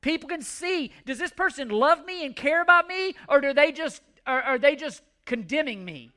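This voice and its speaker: A man's voice: very high-pitched, lively intonation, moderate pace, pushed and bright. A middle-aged man preaching a sermon, earnest and pleading, often repeating words as he restarts. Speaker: pastor.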